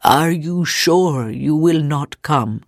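A woman's voice: low voice, slow pace, no echo, clean studio sound, exaggerated voice. A woman doing a stiff, proud husband. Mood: resigned. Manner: stiff, formal and unbending. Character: proud, desperate husband, a grown man. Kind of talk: storybook reading.

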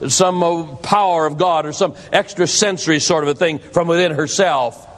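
A man's voice: a little high, steady tone, moderate pace, fairly bright tone. A man preaching a sermon, earnest and warning, telling stories to make his point. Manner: earnest, warning tone with storytelling asides. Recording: long hall reverb.

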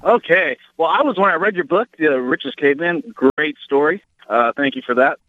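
A man's voice: fairly high pitch, lively intonation, normal speed, dry recording. Young man, radio caller, polite, eager, tinny phone line. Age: 20s. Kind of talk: phone-in question.

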